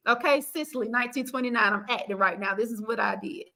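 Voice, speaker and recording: Sassy woman host, high bright voice, aave, fired up and preachy. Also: fast, creaky. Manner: animated, sassy, preachy asides. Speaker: podcast host. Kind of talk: casual panel chat.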